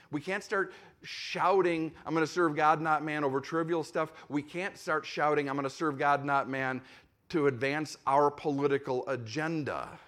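Man preaching, slightly high voice. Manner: conversational preaching, voices imagined objections; repeats phrases for emphasis. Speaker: pastor. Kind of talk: sermon.

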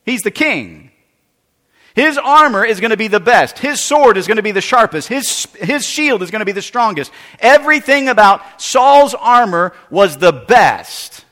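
A man's voice: high voice, animated, moderate pace, a bit bright. A man preaching a sermon with dramatic delivery, acting out the voices of Bible figures and worried churchgoers. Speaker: pastor. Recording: long hall reverb.

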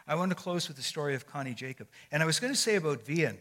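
An older man preaches in a conversational storytelling tone, with lots of small fillers and restarts. His voice is bright and forceful. It rings with the long echo of a large church hall. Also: fairly high pitch, expressive, racing. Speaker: guest speaker. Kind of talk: sermon. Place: church sanctuary.

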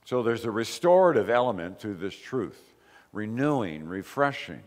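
A man preaching a sermon as pastor, slow and emphatic, with repeated short phrases. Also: lowish voice, big pitch swings, in a large hall. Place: church.

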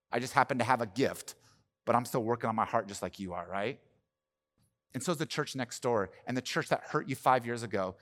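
A male pastor delivers a sermon in a casual, storytelling manner, swinging from easy talk to loud, excited bursts. His voice sits at a medium pitch and rings with a long reverb from the church hall. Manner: conversational storytelling with sudden loud animated bursts. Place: church sanctuary.

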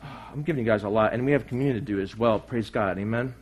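A man preaching a sermon as pastor. He speaks earnestly, puts questions to his congregation, and moves between loud emphatic lines and quiet asides. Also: lowish voice, fast talker, slightly rough.

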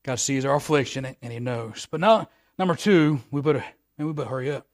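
A man preaching a sermon in a folksy, repetitive way that swells louder at the high points. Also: a little fast.

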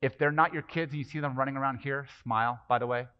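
A man's voice: medium pitch, fairly even intonation, fast, clean tone, highs cut off. A man preaching a sermon as pastor, passionate and emphatic, with many rhetorical questions.

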